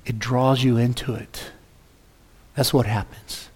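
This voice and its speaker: A man preaching a sermon as a pastor, telling stories with lively acted-out dialogue. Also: mid-range voice, slow pace, slightly rough. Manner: animated, acts out dialogue in his stories. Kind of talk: storytelling sermon. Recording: long reverb of a large hall.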